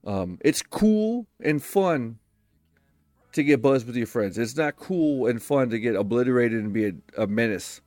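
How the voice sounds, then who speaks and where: A young man hosting his own podcast, giving profane, blunt advice in a casual solo monologue and acting out quick quoted exchanges. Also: mid-range voice, lively intonation, a little mellow, no echo. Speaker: podcast host.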